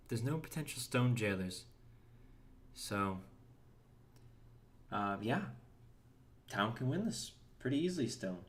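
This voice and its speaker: A man's voice: mid-range voice, big pitch swings, slow pace, pauses often. A young man chatting casually while streaming a game, reading and answering chat and often restarting his words. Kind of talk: casual gameplay commentary.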